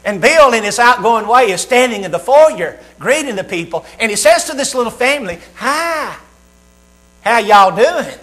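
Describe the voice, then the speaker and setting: A man's voice: very high-pitched, lively intonation, brisk, few pauses, sharp tone. A man preaching a sermon, reading scripture and telling a humorous story with acted-out voices.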